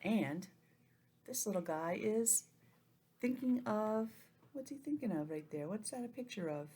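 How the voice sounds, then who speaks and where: A woman teaching an online lesson to young children, gentle and expressive, acting out feelings in a sing-song way. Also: medium pitch, measured pace, slightly rough. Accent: New England.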